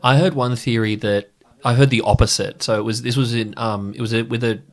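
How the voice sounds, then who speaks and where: A man from Sydney with an Australian accent, chatting casually in a relaxed, hedging way full of fillers. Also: medium pitch, a little fast. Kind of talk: casual chat.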